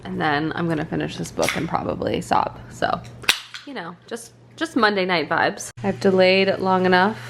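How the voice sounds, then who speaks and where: A woman's voice: fairly low pitch, moderate pace, creaky, background noise. A young woman vlogging at home on a handheld camera, chatting casually with lots of fillers and self-deprecating asides. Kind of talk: casual chat. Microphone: handheld vlog camera.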